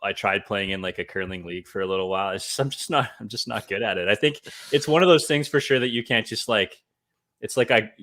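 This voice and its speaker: Man from Canada, lowish voice, dry measured co-host banter. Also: fairly bright tone. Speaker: podcast co-host. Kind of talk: casual chat.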